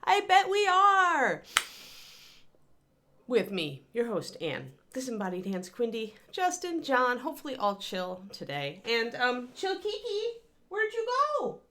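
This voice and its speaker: Giggly, animated woman hosting a livestream. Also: fairly high pitch, measured pace. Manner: chatty and giggly, rambling with restarts. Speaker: host of a miniature painting livestream. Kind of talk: casual livestream chat.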